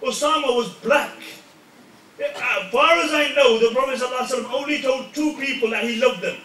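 Impassioned high-voiced preacher in an echoey hall. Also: male voice, a little fast, distant mic, a little hiss or hum. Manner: impassioned, rising to shouts. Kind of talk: sermon.

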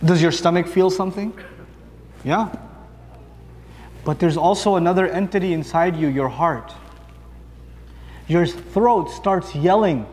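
A man's voice: sits high, a little slow, pauses often, a little mellow, long reverb tail. A man giving a sermon, talking casually and with humor, asking the audience questions and answering them himself. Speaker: preacher.

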